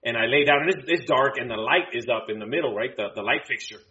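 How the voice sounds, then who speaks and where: A middle-aged man co-hosting a podcast, telling a rambling story in a relaxed, casual way. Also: mid-range voice, fast talker, dull audio. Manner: relaxed, rambling storyteller who restarts phrases. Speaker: podcast co-host.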